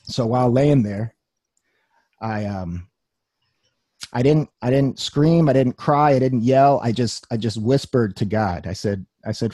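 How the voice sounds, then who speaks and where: A man's voice: medium pitch, measured pace, mellow, no echo, studio quality. A young man giving a personal testimony talk, telling his story earnestly with wry humor.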